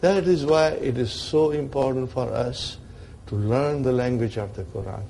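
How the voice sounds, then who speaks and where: A man's voice: medium pitch, moderate pace, vocal fry, mellow, a little hiss or hum. A man teaching an Arabic grammar lesson to a class, checking in with his students often and acting out the grammar as characters.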